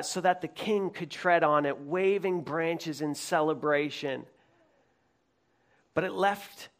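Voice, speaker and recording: A man preaching a sermon to a congregation, earnest, often repeating words as he builds a point and rising to loud, emphatic peaks. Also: fairly high pitch. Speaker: pastor.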